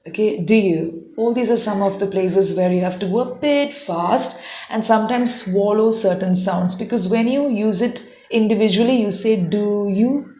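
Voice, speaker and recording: Woman english teacher, patient, models sentences slow for you to repeat, kinda echoey room. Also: medium pitch, a little mellow. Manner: patient, explains slowly and models sentences for repetition. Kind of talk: spoken English lesson.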